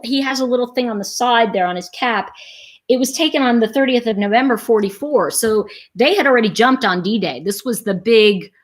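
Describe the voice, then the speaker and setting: A middle-aged woman hosting a casual livestream, rambling through animated stories and talking straight to her viewers. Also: on the high side. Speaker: host.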